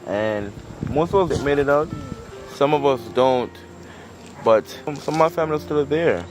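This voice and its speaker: A young man, giving a laughing, excited house tour and talking about his family. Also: on the high side, moderate pace, music in the background. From Jamaica. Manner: excited, laughing, pointing things out. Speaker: vlogger. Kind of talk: casual home tour and talk.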